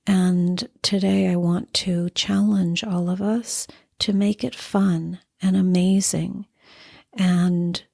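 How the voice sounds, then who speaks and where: A middle-aged woman hosting a spiritual talk, teaching calmly and acting out playful quotes. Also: lowish voice, slow, vocal fry, dry recording, studio quality. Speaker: podcast host and spiritual teacher. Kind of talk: calm spoken teaching monologue.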